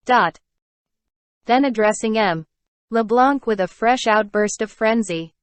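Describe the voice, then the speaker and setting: A woman narrating an audiobook of a classic novel with steady, unhurried reading. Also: medium pitch, no room sound. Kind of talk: scripted narration.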